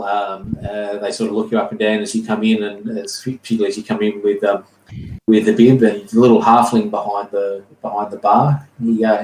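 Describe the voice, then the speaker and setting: A man narrating as game master of a tabletop game, halting and filling pauses with ums and uhs. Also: fairly low pitch, darkish tone, distant mic, a little hiss or hum. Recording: echoey room.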